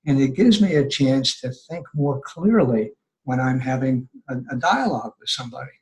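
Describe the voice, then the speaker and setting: Older guy guesting on a podcast, earnest, chatty, middle-pitched voice. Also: normal speed, poor audio. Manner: earnest, acts out people's words in lively voices. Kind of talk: conversational advice-giving.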